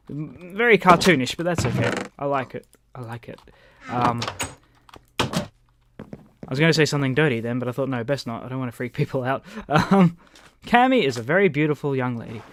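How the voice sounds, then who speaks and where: A man's voice: medium pitch, expressive, a little fast, noisy background. A man with an Australian accent, rambling casually and swearing freely while he plays a game and chats to his viewers. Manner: rambling, swears freely, talks to the game's chickens. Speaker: gaming YouTuber.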